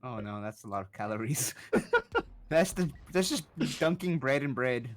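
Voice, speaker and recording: A man chatting casually while gaming, joking and halting with fillers. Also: mid-range voice, animated. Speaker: fellow player.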